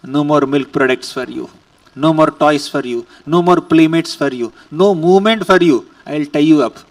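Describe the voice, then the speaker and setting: An exasperated, devoted mother scolds her child, rattling off one accusation after another, as a man puts her on. The voice sits high, and the recording sounds a little distant from the microphone. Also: natural voice. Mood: scolding. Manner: rapid accusing list.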